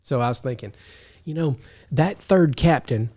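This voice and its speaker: A man hosting a video who tells a story in casual talk, animated, chuckling often and restarting his sentences. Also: mid-range voice, normal speed. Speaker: video host.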